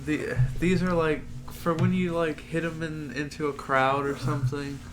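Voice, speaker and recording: A man co-hosting a podcast, joking and tossing in quick remarks, sometimes searching for words. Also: a little high, little pitch movement, background noise. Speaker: podcast co-host. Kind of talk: casual chat.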